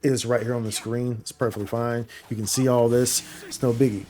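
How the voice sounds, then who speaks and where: A man's voice: mid-range voice, flat delivery, fairly quick, darkish tone, slight background noise. A man giving an enthusiastic, casual rundown of game updates, tossing in slang like "y'all" and "bro" as he talks to his viewers. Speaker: gaming YouTuber. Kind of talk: excited gameplay update commentary.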